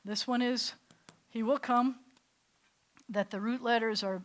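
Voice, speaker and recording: A woman's voice: fairly high pitch, fairly even intonation, moderate pace, pauses often. A woman rabbi teaching a beginners' Hebrew class, explaining patiently and enthusiastically and sometimes restarting her sentences. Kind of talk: classroom lesson.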